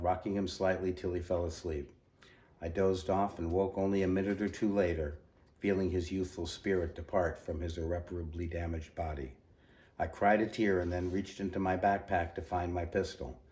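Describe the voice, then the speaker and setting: Deep-voiced man reading a story. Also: dark tone. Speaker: story reader. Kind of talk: reading a short story aloud.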